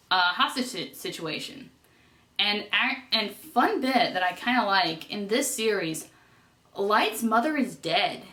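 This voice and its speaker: Recapping a TV episode, a woman vlogger chats and gushes, rambling and correcting herself as she goes. Her voice is mid-range with a sharp tone, and the casual vlog recap has a roomy echo.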